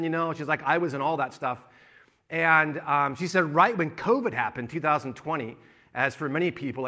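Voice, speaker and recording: Male pastor, bright forceful tone, slightly high, sermon storyteller. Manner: storytelling, recounting a conversation, then rousing.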